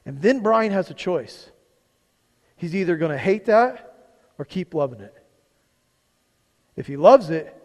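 A man's voice: sits high, a little mellow. A male pastor preaching a conversational sermon to his church, often asking the congregation questions and repeating words as he goes. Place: church sanctuary. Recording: long hall reverb.

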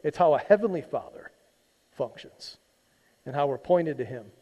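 A man's voice: fairly high pitch, expressive, normal speed, mellow, in a large hall, lo-fi sound. A male pastor giving a conversational sermon, teasing his congregation as he reads and retells a scripture story. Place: church sanctuary.

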